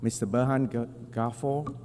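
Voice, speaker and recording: A man giving a formal prepared speech to a large assembly, in measured, deliberate phrasing with emphatic stresses, at a podium microphone. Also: mid-range voice, steady tone, dark tone. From Singapore. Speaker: national representative addressing the General Assembly. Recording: long hall reverb with faint hum.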